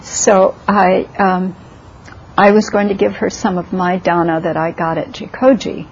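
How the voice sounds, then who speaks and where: A woman's voice: fairly low pitch, fairly even intonation, a little slow, a little hiss or hum. A woman meditation teacher talking casually in a dharma talk, hesitant, with many ums and restarts. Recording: lo-fi recording.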